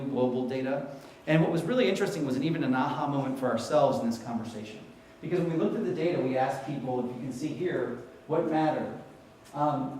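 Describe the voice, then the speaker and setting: A man from New York delivers a keynote talk as an animated storyteller who keeps putting questions to the audience. His voice sits a little high for a man. It rings through a very echoey hall, picked up from some distance with a faint hiss behind it. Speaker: conference speaker.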